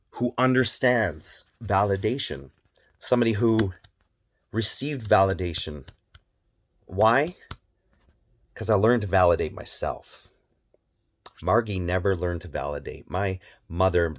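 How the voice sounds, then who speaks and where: Earnest man with a low voice. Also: fairly bright tone, no room sound, studio quality. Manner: earnest, repeats phrases for emphasis. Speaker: parenting vlogger. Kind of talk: candid personal monologue.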